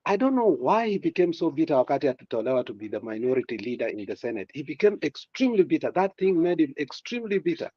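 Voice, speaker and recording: A man's voice: on the high side, very animated, fast talker, hardly any pauses, husky, no room sound, dull audio. A man giving political commentary in a passionate way, repeating words and using many fillers. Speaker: guest commentator.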